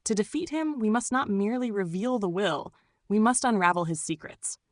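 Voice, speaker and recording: A woman voicing a brilliant male detective who speaks in a crisp, decisive way. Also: mid-range voice, normal speed, no echo, studio quality, pitched above the performer's own voice, close to an everyday voice. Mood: urgent.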